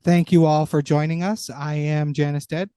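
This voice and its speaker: A man's voice: on the high side, flat delivery, moderate pace, mellow, clean tone, no echo, studio quality. Man wryly chiming in on a podcast. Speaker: podcast co-host. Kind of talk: casual podcast chat.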